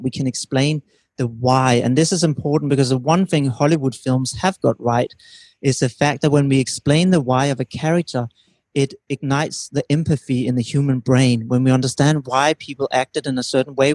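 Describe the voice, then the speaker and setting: A man giving a calm, teacherly explanation as a guest in an interview, often checking in with his listener. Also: mid-range voice, breathy edge, no echo. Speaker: relationship expert guest.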